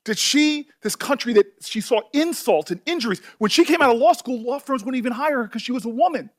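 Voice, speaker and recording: A senator speaking emotionally at a hearing, halting and repeating his words. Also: extremely high pitch, animated, fairly bright tone.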